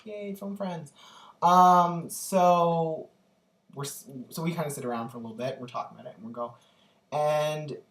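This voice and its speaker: A young man vlogging casually, telling an animated, gushing story full of ums and likes. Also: fairly high pitch. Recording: echoey room, distant from the mic.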